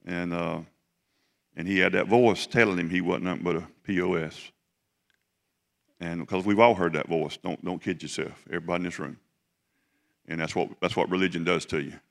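A middle-aged man preaching, telling a personal story in a folksy, halting way with many restarts. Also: sits low, fairly even intonation, creaky. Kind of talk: sermon storytelling.

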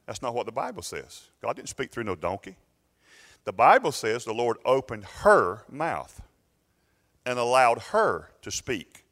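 A man's voice: mid-range voice, very animated, unhurried, a bit bright. A man preaching a sermon as pastor, retelling a story and acting out its voices. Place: church sanctuary. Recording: long reverb in a church hall.

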